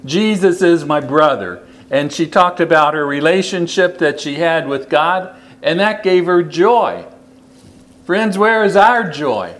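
Male preacher, fairly high voice, slow deliberate delivery, sermon, repeats key phrases. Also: expressive, a bit bright.

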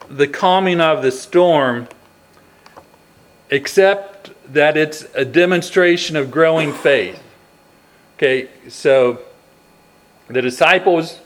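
A man's voice: on the high side, a bit bright. A man preaching a sermon, reading scripture and asking earnest rhetorical questions, with frequent restarts.

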